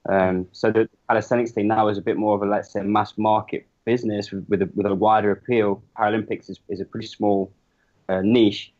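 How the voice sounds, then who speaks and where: A man's voice: fairly low pitch, little pitch movement, brisk, darkish tone, lo-fi sound. A man talking casually as a podcast guest, rambling and restarting his sentences as he explains his business. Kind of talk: casual interview chat.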